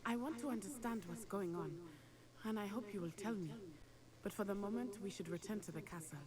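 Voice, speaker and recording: An earnest young student, voiced by a woman, speaks in a measured, concerned voice at a middle pitch. It is game dialogue with a crowd clearly murmuring behind. She sounds level and sincere. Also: close to an everyday voice. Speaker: video game character. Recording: game audio with crowd noise.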